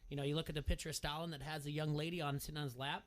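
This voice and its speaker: A man's voice: a little high, level tone, very fast. A man hosting a sports talk radio show, talking casually and rambling as he questions himself. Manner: rambling, self-questioning, conversational.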